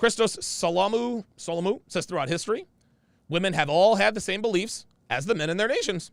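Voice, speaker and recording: A man's voice: high-pitched, a little fast, gravelly, no echo. A man hosting a casual livestream, reading viewer comments aloud and reacting in a blunt, slangy way, often saying the same phrase twice.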